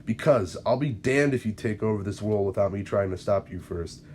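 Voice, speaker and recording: A man's voice: fairly low pitch, brisk, a little mellow, slight background noise, lightly acted. A man reading the lines of an earnest young male superhero in a fan-written story. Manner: urgent, earnest.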